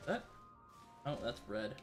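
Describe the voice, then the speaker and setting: A man's voice: mid-range voice, big pitch swings, slow, faint music behind. Tired male streamer, rambling commentary. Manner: rambling, frequent fillers and restarts; drifting into a put-on British-sounding accent. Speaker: livestreaming gamer. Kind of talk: casual gameplay commentary.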